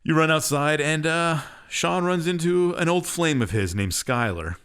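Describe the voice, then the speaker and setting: A man's voice: a little high, lively intonation, measured pace, fairly bright tone, smooth. A young man co-hosting a podcast, casually recapping a game's story in a rambling, offhand and sarcastic way. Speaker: podcast co-host. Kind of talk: casual chat.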